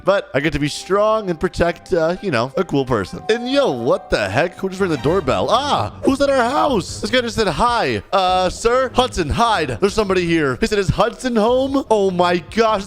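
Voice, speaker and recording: A young man giving casual commentary over a game, excited and animated, reading out what other players say. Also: fairly high pitch. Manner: animated, hyped, reads out other players' chat. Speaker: gaming video host. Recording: light background music.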